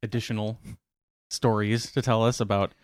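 Laid-back lower-voiced male co-host. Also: little pitch movement, normal speed, no echo. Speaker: podcast co-host. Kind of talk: casual podcast chat.

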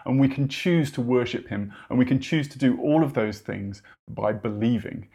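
A man's voice: mid-range voice, normal speed, mellow. A man preaching a sermon in an earnest, conversational way, with wry asides.

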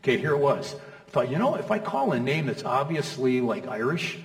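With a medium-pitched voice that swings widely and a fairly quick delivery, a middle-aged pastor preaches conversationally, firing off rhetorical questions and asking the crowd "okay?" and "you know?" The sound is echoey, captured from far away in a hall.

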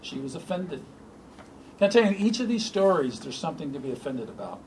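A man preaching an informal sermon to a small group, animated and joking. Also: a little high, fast talker, a little hiss or hum, rough recording. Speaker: pastor.

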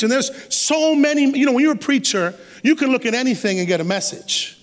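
Animated preacher in a reverberant church. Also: male voice, very high-pitched, brisk, few pauses. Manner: animated, streetwise humor, acts out quotes. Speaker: guest preacher. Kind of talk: sermon. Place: church sanctuary.

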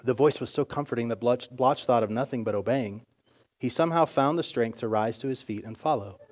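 A male pastor narrating a story in a sermon with expressive storytelling. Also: medium pitch, brisk.

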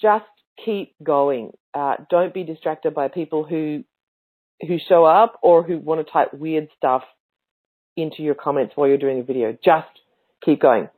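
A woman hosting a podcast and giving coaching tips in a casual teaching talk, speaking emphatically with expressive inflections. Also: deep voice, moderate pace. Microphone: livestream mic. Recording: tinny phone-like sound.

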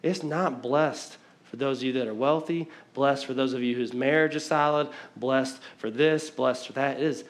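A middle-aged man from the American Midwest preaching a sermon in a church hall, fast and conversational, often repeating his words as he talks. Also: medium pitch. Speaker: pastor.

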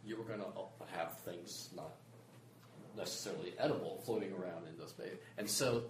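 An older man who worked on the space shuttle software, telling a story in casual chat and laughing along the way. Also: sits low, a little fast, far from the mic. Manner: animated, laughs while telling stories. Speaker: former space software engineer, guest. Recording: echoey room with background noise.

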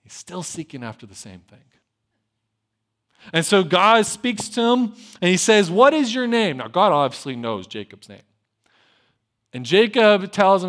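A man with a fairly high voice preaching a lively sermon. He swings from loud, emphatic lines to quiet asides and tells the old story with casual humor. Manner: acts out biblical dialogue with conversational humor. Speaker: pastor.

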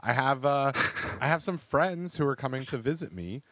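A male podcast co-host with a mid-range, fairly bright voice talks at normal speed with lively intonation. His chat is casual and rambling, peppered with fillers and restarts.

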